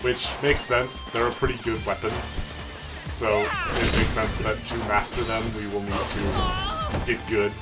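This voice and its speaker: A man's voice: lowish voice, steady tone, a little slow. A man giving casual, joking commentary as he plays a video game, swearing freely. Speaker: streamer. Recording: game music behind voice. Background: game music.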